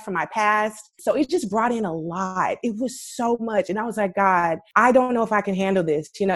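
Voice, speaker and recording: A young adult woman talks through her own story in an interview, lively and candid, slipping into little acted-out snippets of what people said. Her voice sits at an ordinary middle pitch, and the recording is close and dry with no room around it. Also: dry recording. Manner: animated, acts out remembered dialogue. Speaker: guest, photographer and artist.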